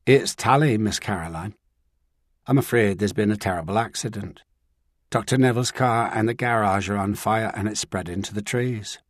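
A man's voice: lowish voice, normal speed, no room sound, clean studio sound, lightly acted. A man playing a distraught, apologetic woman. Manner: apologetic, breaking with grief. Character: anxious, distraught woman caretaker. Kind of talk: audiobook character reading.

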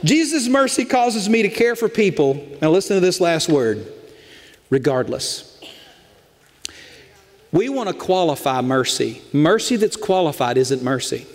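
Man, pastor, folksy emphatic sermon, high voice, echoing church hall. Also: sing-song, unhurried. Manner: folksy storytelling, emphatic preaching.

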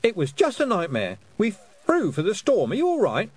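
A man's voice: sits high, wildly swooping pitch, normal speed, husky, voice pushed up, heavily acted. A man voicing a flustered, fussy middle-aged woman witch who talks anxiously.

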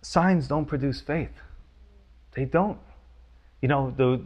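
A man's voice: medium pitch, moderate pace, a little mellow, dull audio. A man preaching a sermon, teaching verse by verse with emphatic, urgent questions. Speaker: pastor.

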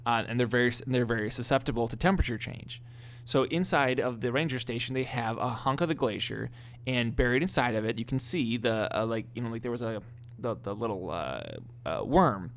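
A man's voice: mid-range voice, brisk. A man telling funny family stories in a casual podcast chat, laughing often and restarting his sentences. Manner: animated storyteller, laughs often, many restarts. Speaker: podcast co-host.

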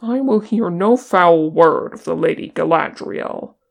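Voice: mid-range voice, a little slow, creaky. A reader voicing a fierce, loyal male dwarf warrior who growls and bristles with indignation in an audiobook. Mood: indignant. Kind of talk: audiobook character reading.

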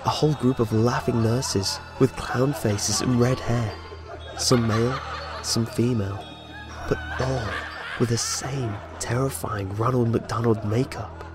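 A man's voice: medium pitch, steady tone, unhurried, over music. A man narrating a horror story in a dramatic, scripted way. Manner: dramatic storytelling with voiced dialogue.

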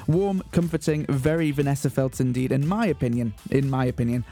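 A man's voice: medium pitch, a little fast, dark tone, faint music behind. A man hosting a community radio show, announcing with mock-grand, earnest comic delivery in a studio. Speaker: radio host. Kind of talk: deadpan comic radio presenting.

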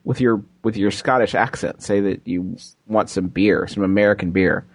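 A man's voice: lowish voice, steady tone, normal speed, no echo, clean studio sound. A man co-hosting a comedy podcast, giving joking advice in casual chat and laughing often. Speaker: podcast co-host.

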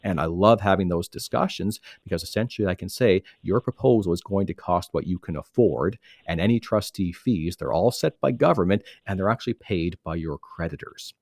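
Deep-voiced man explaining debt relief. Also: expressive, brisk, few pauses, darkish tone, no room sound, studio quality. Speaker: licensed insolvency trustee. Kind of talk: explanatory radio talk.

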